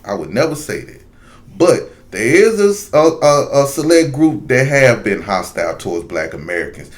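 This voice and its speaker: A man's voice: mid-range voice, big pitch swings, normal speed. A man telling a long casual story straight to his viewers, rambling with many asides. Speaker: video commentator.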